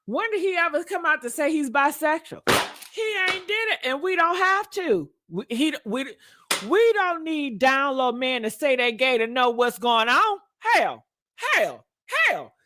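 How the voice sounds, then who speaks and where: A woman's voice: a little high, a bit bright. A woman giving dramatic gossip commentary, preachy and emphatic, repeating her lines for effect. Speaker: commentary vlogger.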